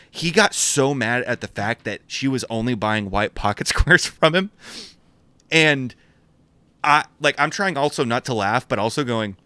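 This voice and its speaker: A man co-hosting a podcast, telling animated stories and often laughing as he goes. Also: mid-range voice, normal speed, dry recording. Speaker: podcast co-host and menswear store buyer. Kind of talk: casual podcast storytelling.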